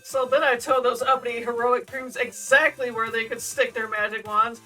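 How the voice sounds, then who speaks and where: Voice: mid-range voice, little pitch movement, moderate pace, bright, forceful tone, pitched above the performer's own voice, natural voice. A voice doing a brash, crude monster woman. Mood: boastful. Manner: bragging and crude. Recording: distant mic with game music.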